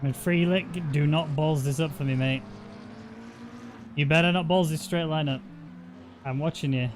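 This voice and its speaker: A man doing casual, joking commentary on an online sim race, getting loud and excited at crashes. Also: a little high, normal speed, background noise. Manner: joking, banter-heavy, excitable on incidents.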